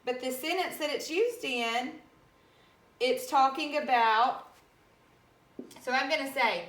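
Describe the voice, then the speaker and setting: Woman teacher, fairly high and clear, unhurried and patient, spells words out letter by letter; echoey room. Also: fairly bright tone. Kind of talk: recorded classroom reading lesson.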